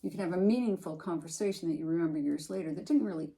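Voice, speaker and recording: Speaking very fast in a fairly low, creaky voice, a woman co-hosting a podcast talks casually and emphatically about a book that mattered to her. She's animated, thinking aloud and restarting, and the audio is poor.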